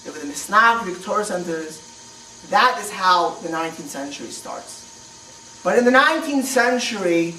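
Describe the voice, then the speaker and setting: A man's voice: sits high, a bit bright. A man giving a history lecture as a rabbi, speaking conversationally with restarts and rhetorical questions. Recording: echoey room, mic far off, faint noise.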